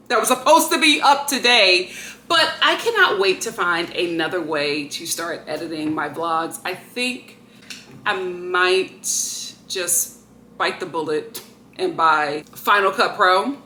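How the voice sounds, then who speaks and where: At a slow pace and medium pitch, a woman with a sharp tone chats casually to her vlog viewers while unboxing something at home. She exclaims and grumbles; the audio has a slight hiss or hum, an echoey room sound, and faint ambience.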